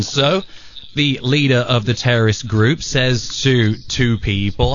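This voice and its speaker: A man telling a joke on a radio show, animated, acting out sound effects as he goes. His voice swings widely in pitch. The broadcast sound is dull and lo-fi. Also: measured pace. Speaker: radio show regular at the control board. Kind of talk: storytelling a joke on air. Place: radio studio.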